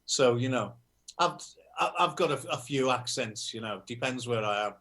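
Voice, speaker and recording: A man from Liverpool with a Liverpool accent, a musician guest telling anecdotes in a relaxed, self-deprecating way. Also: mid-range voice, normal speed. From Liverpool, England. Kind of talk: casual interview chat.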